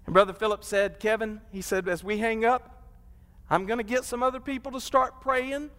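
Preacher guy, high voice, smooth and ringing, big church reverb, gets loud and drawn out. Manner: impassioned, swells to drawn-out high peaks. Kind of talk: sermon. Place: church sanctuary. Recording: long hall reverb.

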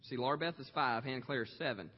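A man in his thirties preaches, telling a story in a slow, heartfelt way with many "um" pauses. His voice carries a long reverb, as if in a large hall, and the sound is a bit muffled and lo-fi. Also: medium pitch, husky. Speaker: pastor. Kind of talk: sermon storytelling. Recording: echoey hall, dull lo-fi sound.

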